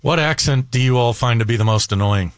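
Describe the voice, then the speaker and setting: A man's voice: mid-range voice, brisk, smooth, dry recording. A man co-hosting a radio show, chiming in bluntly during casual chat. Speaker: radio co-host.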